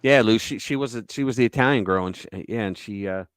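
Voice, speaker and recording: A man hosting a casual political chat show, talking bluntly and crudely with lively storytelling. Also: on the low side, fast, clear, resonant tone, no echo. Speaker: show host.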